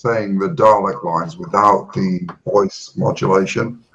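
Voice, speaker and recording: A man's voice: low-pitched, steady tone, a little slow, fairly bright tone, muffled recording, a little hiss or hum. A man making wisecracks in a casual drunk group livestream chat.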